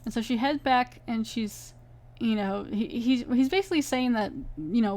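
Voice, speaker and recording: A woman hosting a podcast, casually recapping a TV episode in a chatty, animated way. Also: fairly high pitch, moderate pace. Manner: chatty, animated, retells scenes with quoted voices. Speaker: podcast host reviewing a TV episode.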